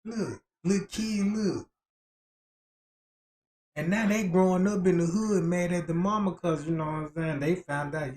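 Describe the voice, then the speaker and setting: A man's voice: high voice, fairly even intonation, a little slow, darkish tone. A man on a casual livestream, telling crude, profane stories in slang and acting out the quotes, often asking whether you know what he's talking about.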